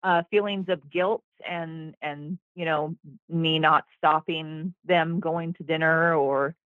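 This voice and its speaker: A woman in her thirties calling in to a show, speaking hesitantly and haltingly. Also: sits low, steady tone, dry recording. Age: 30s. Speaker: caller. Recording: dull phone-in line.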